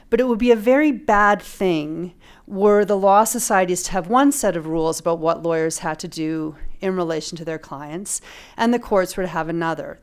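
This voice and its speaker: A woman's voice: on the low side, smooth. Analytical woman on a law panel. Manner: measured, analytical, occasional dry humor. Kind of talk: panel talk on legal ethics. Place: lecture room at a panel event.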